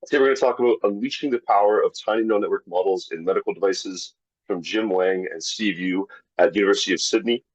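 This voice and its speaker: Low-voiced man hosting an online talk. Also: quick pace, slightly rough, dry recording, dull audio. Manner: upbeat, reads sponsor lists, some restarts. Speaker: webinar host. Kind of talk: live online talk introduction. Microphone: video call.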